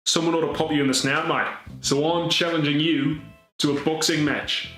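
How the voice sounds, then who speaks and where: A man's voice: on the high side, level tone, normal speed, fairly bright tone, reverberant, natural voice, rough recording. A man playing a dumb, boorish Australian drama YouTuber with an Australian accent in a comedy sketch, taunting and mock-aggressive.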